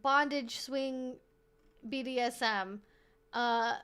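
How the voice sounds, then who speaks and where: A woman hosting a live stream, chatting casually in an animated, rambling way, swearing freely and laughing as she goes. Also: on the high side, slow pace, clean tone. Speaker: streamer host.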